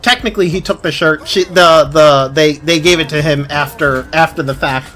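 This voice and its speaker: A man streaming a game, chatting casually in a lively, indignant way, swearing and laughing often. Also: fairly high pitch, normal speed, faint music behind. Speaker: livestreamer.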